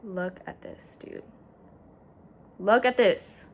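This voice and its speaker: A young woman chatting casually to camera as a vlogger, excitable and gushing, full of "like". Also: mid-range voice, slow.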